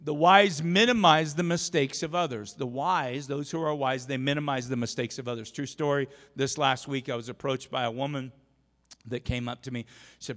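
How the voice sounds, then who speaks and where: A man's voice: mid-range voice, moderate pace, fairly bright tone, long reverb tail. A male pastor delivering an emphatic, storytelling sermon full of restarts, recorded in a church. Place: church sanctuary.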